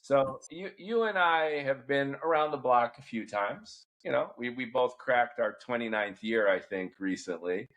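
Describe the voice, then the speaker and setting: A middle-aged man hosting a podcast, asking long, thoughtful questions at a measured pace. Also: mid-range voice, fairly bright tone. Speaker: podcast host. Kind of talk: interview questions and commentary.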